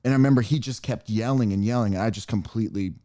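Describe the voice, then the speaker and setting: Man, podcast co-host, mellow tone, dry close sound, rambling storyteller. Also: lowish voice, quick pace, no room sound. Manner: rambling, animated retelling with many fillers. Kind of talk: casual chat, storytelling.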